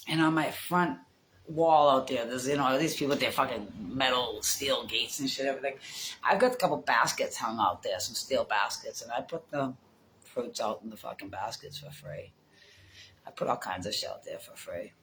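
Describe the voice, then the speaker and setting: A woman's voice: rumbling low, a little fast, a bit bright, a little hiss or hum, rough recording. Profane, laughing middle-aged woman rambling. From United States. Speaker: vlogger. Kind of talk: casual storytelling chat.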